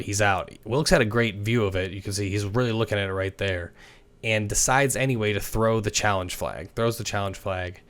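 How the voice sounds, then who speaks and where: A man hosting a football video, chatting casually over game clips and laughing now and then as he guesses what players said. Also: mid-range voice. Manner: chatty, laughs while narrating, guesses at quoted lines.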